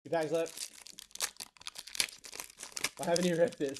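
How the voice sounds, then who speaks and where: A man's voice: a little high, steady tone, slow, a little mellow, a little hiss or hum. Chatty man ripping card packs on stream. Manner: rattles off player names, reads chat aloud. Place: live stream setup.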